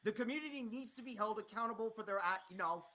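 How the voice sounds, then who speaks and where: A man's voice: high-pitched, quick pace, pushed and bright. A man ranting angrily on a live stream, swearing often and repeating himself. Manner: angry, profane, repeating himself. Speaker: streamer confronting a critic. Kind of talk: heated live-stream rant.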